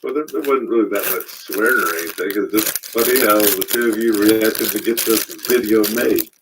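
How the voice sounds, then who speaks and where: A man chimes in off mic during a home live stream, calm and dry in his brief replies. His voice sits lower than most men's and sounds distant. A steady background noise is clearly heard under his voice. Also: normal speed. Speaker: host's companion in the room. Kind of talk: casual remarks from off mic.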